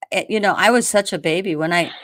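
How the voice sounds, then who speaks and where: A woman's voice: fairly low pitch, fairly bright tone, no echo. A woman hosting a casual online talk show, chatting with her guest and putting in many asides and fillers. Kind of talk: casual interview chat.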